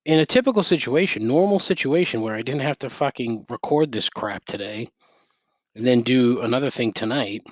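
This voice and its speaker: A man's voice: medium pitch, animated, normal speed, dry recording. A middle-aged man hosting a solo podcast, ranting sarcastically and swearing constantly, wired on caffeine, talking into a headset mic at home. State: over-caffeinated. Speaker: podcast host. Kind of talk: profane solo rant. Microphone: gaming headset.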